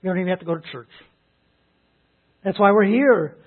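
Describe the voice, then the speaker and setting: A man preaching an Easter sermon, emphatic and animated, who laughs as he retells stories. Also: high-pitched, fairly quick. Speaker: pastor. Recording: phone-like lo-fi sound.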